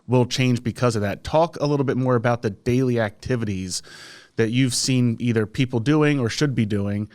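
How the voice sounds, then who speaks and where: A man's voice: mid-range voice, normal speed, darkish tone, dry recording. A man hosting a podcast, reflecting on habits and asking his guest open questions. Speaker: podcast host. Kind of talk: casual interview.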